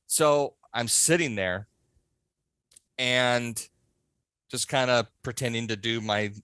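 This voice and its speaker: Guy telling a lively backstage story on a podcast, plays out the voices, dry sound, nothing echoey. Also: mid-range voice, slow pace, clear, resonant tone. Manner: animated, acts out voices in his stories. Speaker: podcast guest, haunt scare actor. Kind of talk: casual storytelling.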